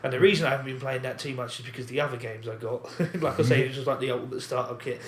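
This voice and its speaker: A man co-hosting a podcast, chatting casually, animated and rambling with fillers and frequent laughs. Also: medium pitch, very fast. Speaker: podcast co-host. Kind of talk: casual chat. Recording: echoey room, faint background noise.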